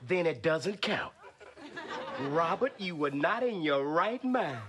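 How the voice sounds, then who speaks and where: A man's voice: a little high, animated, takes it slowly, a crowd in the background. A man acting in a sitcom with a wisecracking, exaggerated delivery, over music and audience laughter. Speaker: sitcom character.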